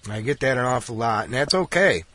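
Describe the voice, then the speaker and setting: A man's voice: mid-range voice, expressive, a little fast, pushed and bright, no room sound. A man ranting in an angry, blunt monologue full of repetition and swearing. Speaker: political commentator.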